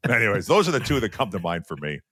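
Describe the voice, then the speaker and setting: Telling casual stories and voicing the quotes himself, an animated ex-hockey player from Western Canada in his forties co-hosts a podcast. He's a fast talker with a lowish voice. No room sound is audible.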